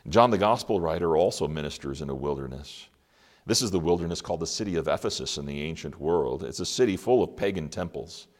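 A man preaching an Advent sermon, reading scripture aloud and asking the listeners rhetorical questions, with dramatic pauses. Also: low-pitched, darkish tone.

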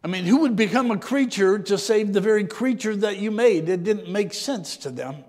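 High-voiced man preaching in a reverberant hall. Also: animated, moderate pace. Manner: reflective, often clears his throat, voice dropping low and soft at times. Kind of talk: sermon with scripture reading.

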